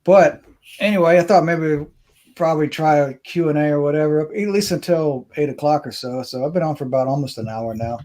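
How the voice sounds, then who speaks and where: A man's voice: on the high side, brisk, dark tone. A man hosting a casual livestream chat, talking in a laid-back, slangy way. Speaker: livestream host.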